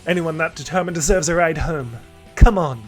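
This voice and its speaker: A man voicing an intimidating, stern female sparrow in a game let's play, talking gruffly and solemnly. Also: fairly high pitch, normal speed, soft background music, close to an everyday voice.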